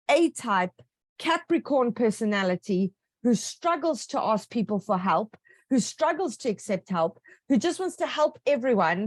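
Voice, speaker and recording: A woman author answering interview questions, telling stories about her writing with lively enthusiasm and quick asides. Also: a little high, dry recording, studio quality.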